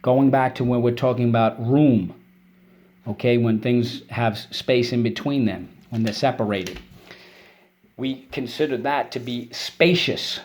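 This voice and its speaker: A man's voice: mid-range voice, unhurried, a little mellow. Encouraging male teacher drilling spelling words. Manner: encouraging, drilling call-and-response; clear, patient explaining. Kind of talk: spelling and vocabulary lesson for kids.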